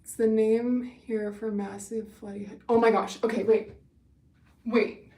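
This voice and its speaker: A woman's voice: a little high, flat delivery, a little slow, warm tone, far from the mic. A young woman hosting a casual livestream, bubbly and gushing as she chats with viewers, a little winded. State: winded from running. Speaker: livestream host. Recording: echoey room, away from the mic.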